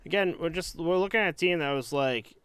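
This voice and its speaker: A man's voice: on the high side, fairly quick, fairly bright tone, smooth, dry recording. A man co-hosting a podcast in casual sports chat, rambling and hesitant with frequent fillers and restarts. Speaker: podcast co-host.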